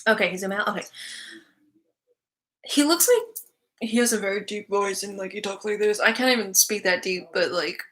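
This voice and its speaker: A woman's voice: medium pitch, expressive, moderate pace, long pauses, a bit bright. A young woman giving psychic readings on a live stream, chatty and giggly with many fillers.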